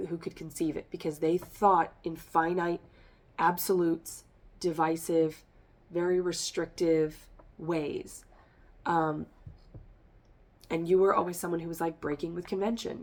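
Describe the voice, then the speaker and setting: A woman's voice: on the low side, gravelly, a little mellow. A woman giving a rambling, emphatic tarot reading, speaking straight to her listeners, a little congested. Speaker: tarot reader. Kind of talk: spiritual reading monologue.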